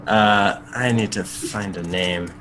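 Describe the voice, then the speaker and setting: A man's voice: fairly low pitch, takes it slowly, background noise. A man player chatting casually at a tabletop game, hesitant and full of filler sounds.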